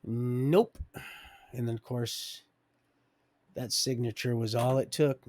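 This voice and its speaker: A man's voice: mid-range voice, flat delivery, measured pace. Middle-aged guy rambling through old stories on stream, loose and chatty, keeps chuckling, voice sits mid-range. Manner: digressive, loose and conversational, with chuckles. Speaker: livestream storyteller. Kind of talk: rambling personal storytelling.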